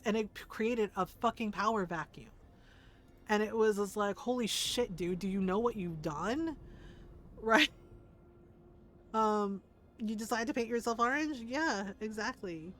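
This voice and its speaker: A woman's voice: mid-range voice, a little slow, slight background noise. A woman streamer in casual commentary, ranting emphatically and swearing a lot. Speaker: game streamer.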